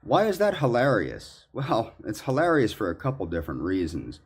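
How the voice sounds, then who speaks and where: A man in a ranting monologue, accusatory and indignant, halting with fillers. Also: on the low side, wildly swooping pitch, husky. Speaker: commentary subject in clips.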